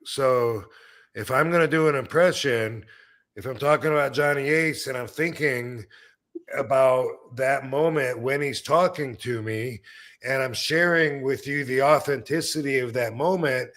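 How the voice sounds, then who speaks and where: A man's voice: mid-range voice, pushed and bright. Blunt, rambling male stream host. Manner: rambling and blunt, with crude jokes and many fillers. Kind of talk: casual live-stream chat.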